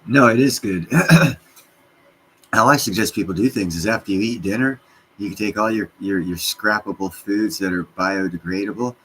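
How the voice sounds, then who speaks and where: A man hosting a livestream, chatting with viewers in a rambling, profane, excitable way and jumping from topic to topic. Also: lowish voice, normal speed, husky, poor audio. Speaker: livestream host answering chat. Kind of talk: casual rambling rant.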